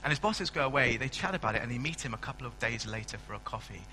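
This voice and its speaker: Male pastor, forceful bright tone, storytelling sermon, faint background hum. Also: medium pitch, expressive, fast, low-quality recording. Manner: chatty, self-mocking, storytelling. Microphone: stand mic.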